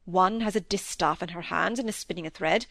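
Woman reading a gruff, fond doctor father. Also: fairly low pitch, fairly quick, fairly bright tone, no echo, clean studio sound. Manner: grave, teasing, with little impatience. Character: middle-aged male country doctor, gruff but fond father. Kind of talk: audiobook dialogue reading.

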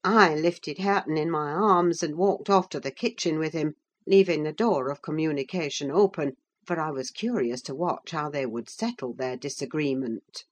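A woman narrating a classic novel as an audiobook, in a measured, unhurried reading. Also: deep voice. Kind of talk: scripted narration.

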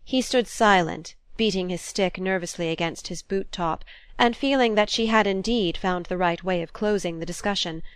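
A woman reads a classic novel aloud in a measured, even way. Her voice sits in the middle of the range. The recording is dry and close, with no room sound. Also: mid-range voice, smooth, no echo. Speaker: audiobook narrator. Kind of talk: scripted narration of a classic novel.

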